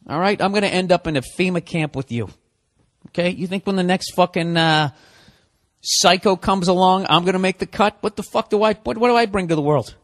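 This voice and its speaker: A man's voice: on the high side, lively intonation, normal speed, a bit bright, dry recording, clean studio sound. A man in his forties hosting a solo podcast, ranting with profane sarcasm. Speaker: podcast host.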